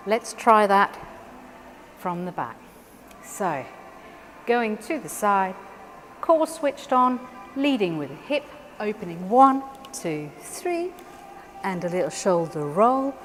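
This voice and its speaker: A woman dance teacher with a mid-range voice gives calm, step-by-step instructions and counts beats aloud. Her voice carries a long reverb, as in a studio hall, with faint noise underneath. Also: medium pitch, slow, long pauses.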